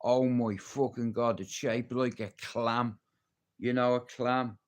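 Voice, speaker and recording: Swearing Irish livestreamer. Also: male voice, mid-range voice, flat delivery, slow. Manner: rambling, heavy swearing, jokey. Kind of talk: casual live-stream chat.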